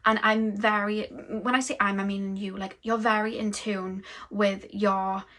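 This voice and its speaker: Young woman, tarot reader; slow, musing, dreamy channeling talk. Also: medium pitch, little pitch movement, fairly bright tone. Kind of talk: tarot reading monologue.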